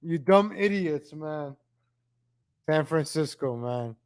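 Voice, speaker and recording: Man, high voice, unhurried delivery; exasperated reaction streamer who repeats himself. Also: expressive. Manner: exasperated, ranting, repeats phrases. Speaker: streamer reacting to old street footage. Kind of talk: reaction commentary.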